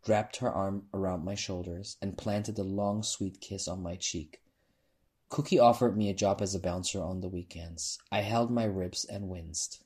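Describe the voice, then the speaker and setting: A man reading a novel aloud in an unhurried, quiet way. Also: sits low, fairly even intonation, slightly rough. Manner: unhurried, quiet, restarts phrases. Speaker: narrator.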